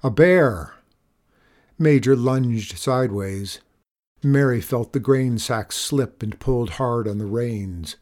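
A man narrating a children's storybook aloud in a gentle, expressive way. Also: mid-range voice, slow.

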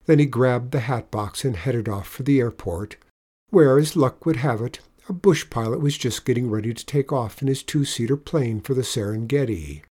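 A man reads a children's storybook aloud, gentle and measured, at a middling pitch. His delivery is even and unhurried. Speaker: narrator. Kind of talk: storybook reading.

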